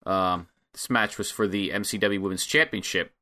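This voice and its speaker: A man's voice: sits low, fairly even intonation, moderate pace, bright, forceful tone. A man co-hosting a casual podcast, laid-back and wry, recapping with plenty of filler words. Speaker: podcast co-host.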